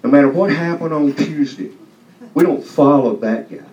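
A man's voice: on the high side, moderate pace, darkish tone, a little hiss or hum. A man giving a loose, conversational testimony to a church congregation, often asking if they understand. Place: church hall. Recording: echoey hall from far off, dull sound.

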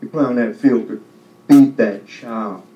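In a church hall, a man of medium pitch speaks a little slowly, offering a loose, conversational testimony and frequently asking the congregation whether they understand. The audio is dull and echoey, captured from far off in the hall.

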